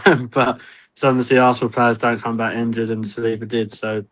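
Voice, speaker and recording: A man's voice: mid-range voice, level tone, a little fast, a bit bright. A man chatting casually on a football fan podcast, laid-back and offhand, laughing easily. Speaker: podcast co-host.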